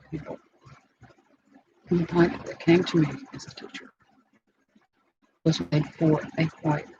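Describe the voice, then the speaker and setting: Gravelly woman rambling through a story. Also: low voice. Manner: rambling, digressive, frequent restarts and fillers. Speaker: vlogger. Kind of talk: unscripted personal storytelling. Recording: dull lo-fi sound with clear background noise.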